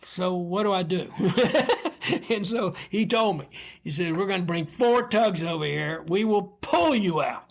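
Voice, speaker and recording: An older American man, a retired vice admiral, tells anecdotes as a guest on a podcast interview, often chuckling and acting out the dialogue. His voice is high and animated, with vocal fry and a normal speed.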